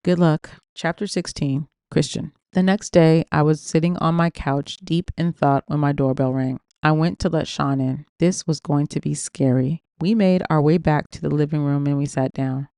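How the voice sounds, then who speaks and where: A woman reads an audiobook earnestly and sometimes stops to react openly. Her voice is warm, mellow and resonant, recorded close and dry. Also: low-pitched, steady tone, moderate pace, hardly any pauses, smooth, dry recording. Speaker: audiobook narrator. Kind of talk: audiobook reading with asides.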